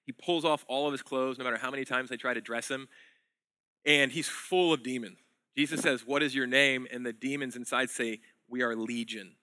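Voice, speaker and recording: A man preaching a sermon as pastor, telling a story in a conversational way and swinging between loud emphasis and hushed lines. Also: mid-range voice, no room sound.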